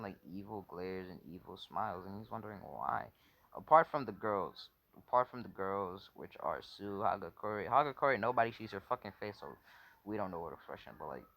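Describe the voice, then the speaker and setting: A man's voice: lowish voice, a bit bright. A man casually telling a made-up story off the cuff, rambling, correcting himself often and swearing. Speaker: fan fiction storyteller.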